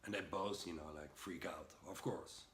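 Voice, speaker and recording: A man's voice: low-pitched, steady tone, a bit bright. Earnest man coaching breathwork, roomy echo. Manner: earnest, emphatic, slowing down on key words. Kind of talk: motivational talk to camera. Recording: roomy echo with faint background noise.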